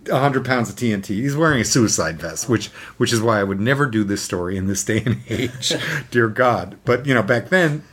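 A man telling a story in casual chat, animated, using many fillers and acting out the scenes. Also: medium pitch, brisk, husky.

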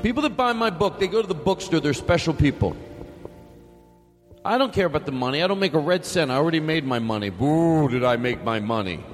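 A man's voice: a little high, animated, a little fast, in a large hall, soft background music. A man hosting a podcast, rambling through a silly, mock-grand sign-off with swearing asides. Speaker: podcast host.

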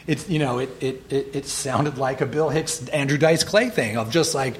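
A middle-aged man chatting as a guest in an interview, animated and acting out quoted lines with laughter. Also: medium pitch, moderate pace, slight background noise. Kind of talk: casual interview chat.

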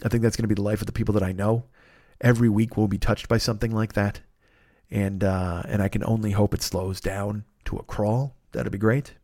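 A man in his fifties hosting a casual solo podcast, rambling and swearing as he tells animated stories. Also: lowish voice, fairly quick, no room sound, clean studio sound. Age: 50s. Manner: profane, rambling, animated storytelling. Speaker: podcast host.

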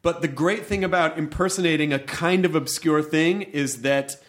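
A man, a voice actor and interviewer, chatting casually and telling a story in a relaxed way. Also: on the high side, normal speed. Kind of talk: casual chat.

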